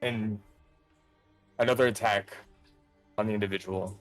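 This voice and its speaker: A man running a tabletop game as game master, narrating in a casual, halting way with fillers. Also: on the low side, steady tone, no echo, soft background music.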